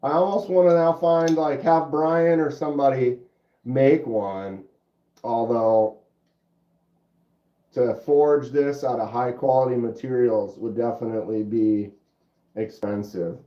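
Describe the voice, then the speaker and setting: A middle-aged man with a stuffy nose hosting a casual livestream, chatting with viewers in a laid-back, drawn-out way. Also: medium pitch. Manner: laid-back, drawn-out, says dude and bro. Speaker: livestream host. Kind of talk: casual livestream chat reading comments. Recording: roomy, dull lo-fi sound.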